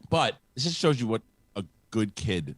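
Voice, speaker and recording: A middle-aged man hosts a casual talk show in a fairly low voice. He tells stories in a halting, rambling way, full of restarts and repeated words. The sound is dry and close. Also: big pitch swings, no room sound. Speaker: host. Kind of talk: casual chat.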